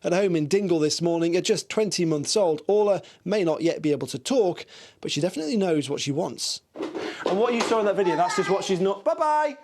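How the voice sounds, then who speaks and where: Low-voiced playful woman reporter. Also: lively intonation, a little fast, a little mellow. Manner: playful, light. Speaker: news reporter. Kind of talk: news report narration.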